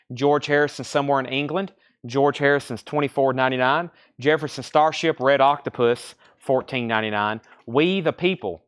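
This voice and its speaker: A man's voice: mid-range voice, fairly bright tone, clear, resonant tone. A man with a Southern US accent hosting a live record sale from a store, reeling off album titles and prices with chatty asides. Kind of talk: live-stream sales patter.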